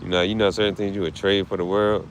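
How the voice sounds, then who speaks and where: A man's voice: deep voice, level tone, fast, noisy background. A man talking casually and emotionally, grieving, swearing and repeating himself in slang. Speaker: streamer.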